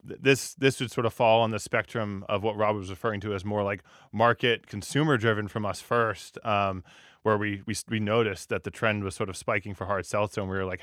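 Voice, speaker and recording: A man talks casually about his work, relaxed and chatty, full of fillers. The sound is close and dry. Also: on the low side, no room sound. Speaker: brewery co-founder. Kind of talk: casual podcast conversation.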